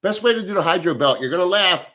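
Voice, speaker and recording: A man's voice: high-pitched, animated, quick pace, sharp tone. A middle-aged man hosting a casual livestream, reading chat and answering in a blunt, profane, off-the-cuff way.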